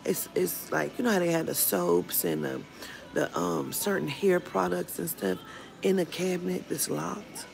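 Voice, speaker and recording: A woman with a low, gravelly voice rants bluntly to camera, swearing freely as she retells a run-in. Music plays clearly beneath her. The tone is casual and petty. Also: a little slow. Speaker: vlogger. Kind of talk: casual storytime rant. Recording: music playing under the voice.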